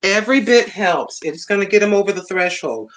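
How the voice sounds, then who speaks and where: A woman from Puerto Rico hosting a casual livestream chat, talking in an excited, effusive way and repeating herself. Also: mid-range voice, fairly quick. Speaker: livestream host.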